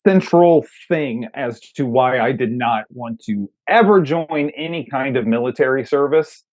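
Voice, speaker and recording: A man's voice: medium pitch, animated, measured pace, dull audio. A man co-hosting a casual movie review chat, ranting jokingly and swearing a lot. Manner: profane, joking rants. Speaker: co-host film reviewer.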